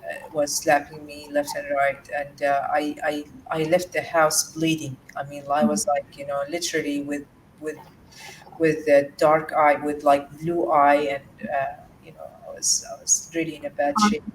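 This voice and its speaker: A woman's voice: sits low, flat delivery. Woman telling her story. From Jordan. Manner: halting, with many restarts and fillers. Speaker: guest. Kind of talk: emotional personal story in an interview. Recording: distant mic with faint background noise.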